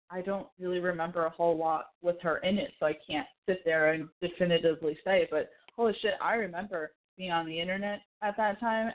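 A woman hosting a casual podcast chat, animated and swearing freely, with quick asides. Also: fairly low pitch. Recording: tinny phone-like sound.

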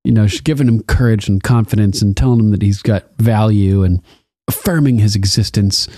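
A man's voice: lowish voice, fairly quick, warm tone, no room sound, studio quality. A man in a casual chat, animatedly retelling a TV episode, laughing often and acting out the quotes. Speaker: podcast co-host recapping a TV episode.

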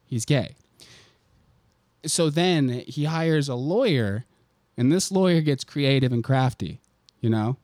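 A man's voice: medium pitch, lively intonation, slow, a little mellow, no echo. A man co-hosting a casual podcast, rambling and swearing freely as he tells stories, on a close mic. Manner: profane, rambling storyteller. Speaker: podcast co-host.

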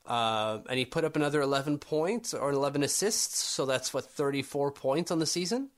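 A man co-hosting a casual sports podcast, with a fairly high voice for a man. He argues his points and works himself up into exasperated rants. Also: fairly quick. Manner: argumentative, rising to exasperated rants. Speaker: podcast co-host.

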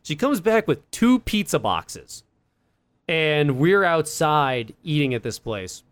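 A man's voice: on the high side, big pitch swings, slow pace, no room sound. A young man, a podcast co-host rambling through a story in casual chat with fillers and laughs.

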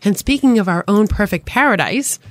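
A woman's voice: medium pitch, animated, brisk, no echo. A woman with a Boston accent hosting a radio talk show, bubbly and enthusiastic, laughing often. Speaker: host. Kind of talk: casual radio show chat.

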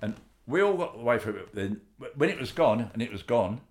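An older man from England recalls childhood stories in a relaxed family chat. His delivery is animated, with his pitch jumping around freely as he tells it. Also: brisk. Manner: animated storytelling, voices quotes with big pitch jumps. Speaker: storyteller. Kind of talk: casual family reminiscing.

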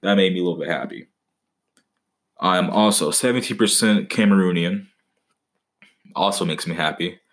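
Deep-voiced young man joking profanely. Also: normal speed, pauses often. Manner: profane, joking, with mock-dramatic outbursts. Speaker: podcast host. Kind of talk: casual comedic monologue.

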